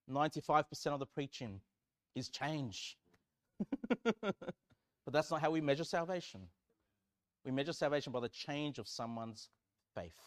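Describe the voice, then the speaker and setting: A man preaching a sermon, swinging between loud fervent emphasis and quiet asides. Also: fairly high pitch. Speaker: pastor.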